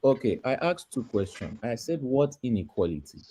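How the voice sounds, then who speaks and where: A man's voice: medium pitch, big pitch swings, moderate pace, mellow, slightly rough. A man asking a pointed question in an online discussion and pressing for specifics.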